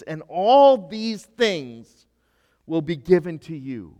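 Male pastor, high lively voice, emphatic, long hall reverb. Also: measured pace. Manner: emphatic, swings from loud to hushed. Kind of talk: sermon.

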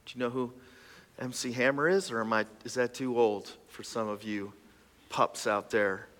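A man's voice: mid-range voice, steady tone, moderate pace, a bit bright, in a large hall. A man preaching a sermon as a pastor, talking conversationally with self-deprecating asides and stammered restarts.

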